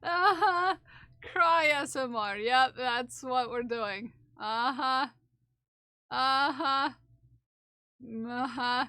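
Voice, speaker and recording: A woman livestreamer chatting casually with her viewers in a playful, giggly way, often repeating phrases in silly drawn-out voices. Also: high voice, bright, forceful tone, no echo, clean studio sound. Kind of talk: casual live-stream chat with viewers.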